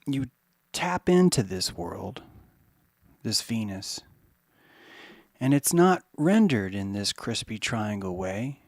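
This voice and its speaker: A man hosting a podcast, rambling in a monologue that swings from hushed musing to mocking put-on voices, with some swearing. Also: fairly low pitch, big pitch swings, takes it slowly, pauses often, no echo, studio quality. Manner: profane. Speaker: podcast host.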